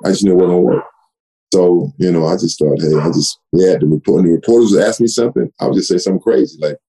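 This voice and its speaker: A man's voice: deep voice, gravelly, poor audio. A man, a retired running back telling stories in an interview, repeating words and acting out old conversations. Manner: animated storyteller, repeats words, acts out quoted dialogue. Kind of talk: conversational storytelling. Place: home office.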